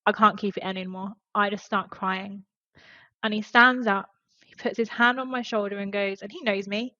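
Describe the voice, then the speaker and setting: A woman's voice: medium pitch, steady tone, moderate pace, bright, forceful tone, dry recording, highs cut off. A woman, a podcast guest and former HR specialist, telling an earnest and emotional story in casual conversation.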